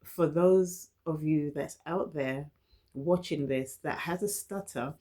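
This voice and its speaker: A London vlogger with a dark, low voice talks slowly and candidly to camera about personal matters, in a London accent. Her stuttering, repeated words and restarted phrases come alongside an earnest, encouraging manner.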